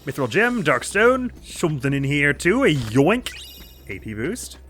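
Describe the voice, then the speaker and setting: A man's voice: on the high side, big pitch swings, moderate pace, bright, forceful tone, faint music behind. A man hosting a let's play, chatting playfully over the game and making goofy sound effects. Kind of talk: gameplay commentary.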